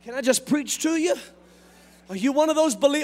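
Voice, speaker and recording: Male pastor with a very high voice, fiery sermon delivery that builds to shouts. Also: lively intonation. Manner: impassioned, rising to shouts, drawn-out emphatic phrases.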